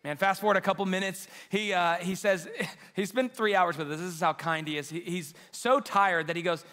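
Male pastor, higher voice, bright tone, emotional storyteller, church hall reverb with soft music. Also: fairly even intonation, fairly quick. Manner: emotional storytelling, quoting dialogue. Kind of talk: sermon. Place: church auditorium.

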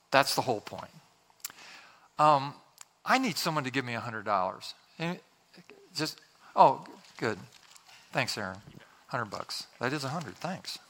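A male pastor preaches in a church, his bright, forward voice leaning into jokes and playful asides. He tells everyday stories in a chatty, storytelling way and slips briefly into the voices of the people in them. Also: on the high side, lively intonation, normal speed. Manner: jokey, conversational storytelling with acted-out quotes. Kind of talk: humorous sermon. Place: church with congregation.

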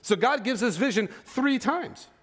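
A man preaching a sermon in a casual, animated way, with frequent filler words and asides to the congregation. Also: very high voice, unhurried.

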